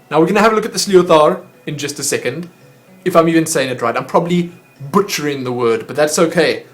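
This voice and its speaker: A man hosting a vlog, chatting casually and poking fun at himself as he stumbles over foreign words. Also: a little high. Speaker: vlog host opening fan mail. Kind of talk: casual chat to camera.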